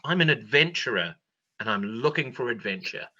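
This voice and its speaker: Bright, lo-fi male player. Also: mid-range voice, expressive, normal speed. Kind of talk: tabletop game play. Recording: dull lo-fi sound.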